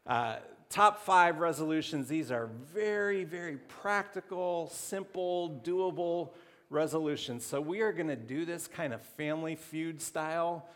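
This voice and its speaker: A man preaching a sermon to his congregation as pastor, talking in a conversational, halting way with restarts. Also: a little high, fairly bright tone. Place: church sanctuary. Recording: long hall reverb.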